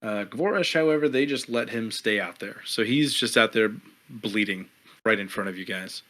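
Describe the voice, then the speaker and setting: A man's voice: on the low side, moderate pace, pushed and bright. A man running a tabletop game as game master, easygoing and chuckling, with many fillers. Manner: easygoing, laughs often, filler-heavy.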